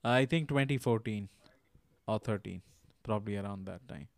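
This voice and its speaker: A man hosting a podcast interview, friendly and laughing often, with halting restarts as he asks his questions. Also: on the low side, no echo. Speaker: podcast host.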